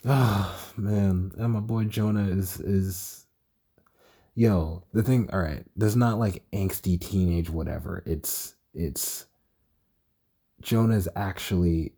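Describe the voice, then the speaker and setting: Speaking slowly in a deep, warm voice with a slight roughness, this young podcast host chats casually on his solo show about a TV series. He sounds tired, stutters, and swears as he rambles.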